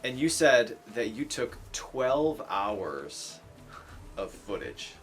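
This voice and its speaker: A man's voice: medium pitch, big pitch swings, slow pace, a bit bright, soft background music. A man co-hosting a casual chat, reacting with short curious questions. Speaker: co-host.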